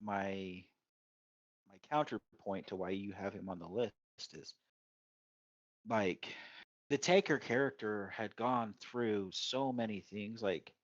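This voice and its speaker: A man's voice: lowish voice, slow pace, dry recording. Rambling man, dry muffled sound. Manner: rambling, many fillers and restarts. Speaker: podcast co-host. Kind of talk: casual chat.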